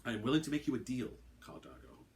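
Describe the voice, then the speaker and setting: A man's voice: fairly low pitch, lively intonation, brisk, lightly acted. A man doing a cold, sneering captain. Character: obsessed, cold male military captain.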